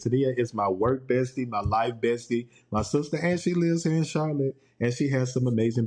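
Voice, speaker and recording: Casting note: playful man hosting a laid-back solo podcast, middle pitch, breaks into laughs. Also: normal speed, few pauses, darkish tone. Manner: playful, laughs often, quotes TV clips in put-on voices. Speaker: podcast host. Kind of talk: casual solo podcast chat. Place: home.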